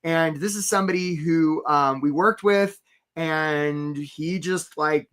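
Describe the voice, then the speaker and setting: A man coaching job seekers in a live webinar, talking fast and energetically and addressing viewers in the chat. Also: a little high, fairly bright tone, smooth. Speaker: career coach hosting a webinar.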